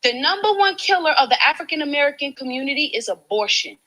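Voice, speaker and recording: A woman's voice: high voice, lively intonation, fast, bright, forceful tone, low-quality recording. A woman activist confronting campaign volunteers, passionate and pleading in a preachy way, filmed on a handheld phone. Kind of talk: heated street confrontation.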